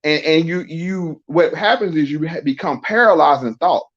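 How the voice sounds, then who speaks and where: This podcast guest is a middle-aged man whose voice sits on the high side, at a moderate pace. In a casual conversation recorded with dull lo-fi sound, he explains emphatically and asks a lot of rhetorical questions.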